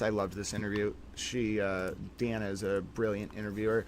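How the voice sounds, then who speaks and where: A man's voice: on the low side, flat delivery, fairly quick, a little hiss or hum. A man hosting a long live stream, rambling playfully in mock-grand, theatrical wording, a little tired late in the session. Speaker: livestream host.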